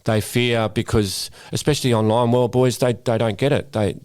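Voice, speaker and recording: A man's voice: mid-range voice, fairly even intonation, normal speed, a little mellow, clean tone, dry recording. A middle-aged Australian man, a guest speaker and former police officer, chatting casually in a podcast interview and often repeating words as he starts a sentence. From Western Australia.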